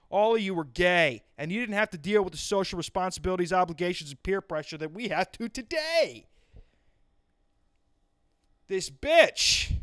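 Exasperated ranting man, high clear voice. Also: fairly bright tone, no room sound, clean studio sound. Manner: exasperated, profane ranting with sarcastic tangents. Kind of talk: solo comedic rant.

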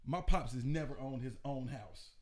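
A man in casual chat, chiming in quickly and finishing the other speaker's sentences. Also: medium pitch, warm tone.

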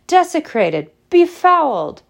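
A woman's voice: medium pitch, normal speed, vocal fry, a little mellow, pitched above the performer's own voice, natural voice. A woman reading aloud and voicing a fierce, vulture-like old woman librarian who hisses in outrage, raising her voice well above her own. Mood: outraged. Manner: hissing, outraged.

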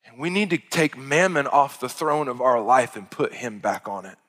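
A man's voice: medium pitch, expressive, moderate pace, fairly bright tone, big-room sound. A man preaching a sermon in an earnest, emphatic way, stressing points through repetition.

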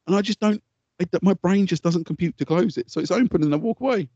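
Bloke rattling off stories quick, lots of swearing, dry dull sound. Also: male voice, high voice, slightly rough, dry recording. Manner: swears freely, animated storytelling with put-on quotes. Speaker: podcast co-host. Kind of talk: casual chat.

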